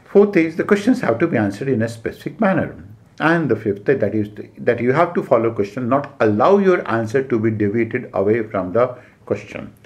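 A civil service exam coach with an Indian English accent gives a classroom lecture in a mid-range voice. He lays out numbered points, pausing often with "uh" and repeating key phrases.

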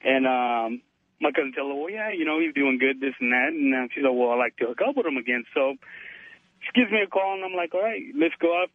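A man calls in to a radio show and tells a story in a boastful, chatty way, saying dude again and again. His voice sits a bit high and moves around a lot. It has a husky edge and comes through a narrow, tinny phone line. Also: lively intonation, fast, no echo. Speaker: caller. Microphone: telephone.

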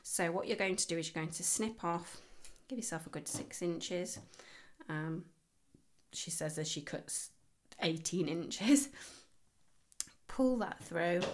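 A woman hosting a crochet tutorial, chatty and rambling with playful self-mocking asides. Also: lowish voice. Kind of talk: casual how-to tutorial.

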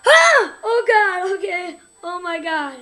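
A woman's voice: very high voice, very animated, takes it slowly, pushed and bright. A young woman hosting a gaming channel, giving jumpy horror let's play commentary, shrieking and laughing at scares.

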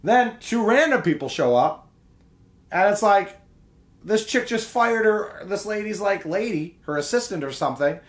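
A man hosts a casual film breakdown and retells scenes with animated character voices. His pitch is a little high and swings widely. He laughs often as he goes. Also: normal speed. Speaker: film review host.

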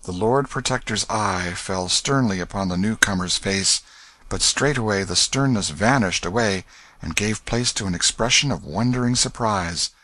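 A man narrates a classic novel at a measured storybook pace. His voice sits on the low side, and the recording is dry with no room sound. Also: bright, forceful tone, no room sound. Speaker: audiobook narrator. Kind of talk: scripted narration.

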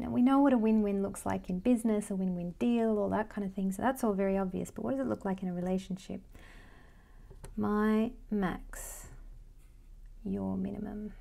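A woman's voice: medium pitch, gravelly, mellow. A woman, a Vedic astrology life coach, giving an informal lesson and thinking aloud as she talks through her notes.

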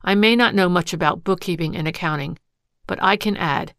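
A woman voicing a hurt, bitter young wife who speaks in sharp, accusing outbursts. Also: medium pitch, fairly even intonation, normal speed, creaky, no echo, studio quality.

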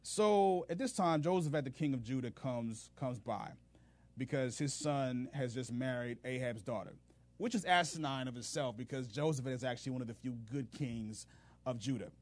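Animated man retelling a Bible story. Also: mid-range voice, moderate pace, dry recording. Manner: animated, humorous storytelling in slang. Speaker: podcast host, Bible teacher. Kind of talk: casual Bible teaching.

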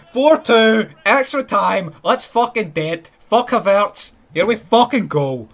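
A sweary Scottish man commentating on his own football game in a fairly high, bright voice. He leaps from disgusted mutters to wild, lively shouts. His delivery is loud, blunt and unfiltered. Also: takes it slowly. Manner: sweary, excitable, swings between yelling and muttering. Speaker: gaming channel host. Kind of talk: live gameplay commentary.

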